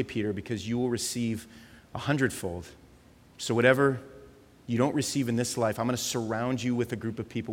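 A man preaching a sermon with passion, repeating words for emphasis and dropping softer for reflective passages. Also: mid-range voice, in a large hall. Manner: impassioned, repeats words when stressing a point. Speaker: pastor.

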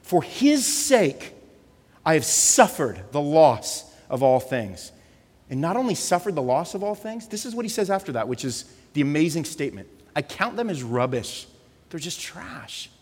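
A man preaching a sermon with passion, repeating words for emphasis and dropping softer for reflective passages. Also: a little high, sing-song, moderate pace, husky, big-room sound. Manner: impassioned, repeats words when stressing a point. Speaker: pastor.

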